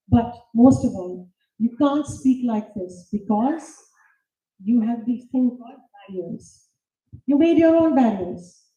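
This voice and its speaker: A woman's voice: fairly high pitch, dark tone. A woman giving an emphatic, self-assured talk on leadership in a large lecture hall. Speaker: conference speaker. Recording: roomy, distant, dull hall recording.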